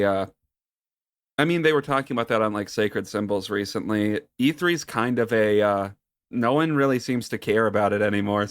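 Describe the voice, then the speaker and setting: A man co-hosting a podcast, talking in a relaxed way with dry jokes. His voice sits fairly low. The sound is close and dry. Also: no room sound. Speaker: podcast co-host. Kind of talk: casual podcast chat.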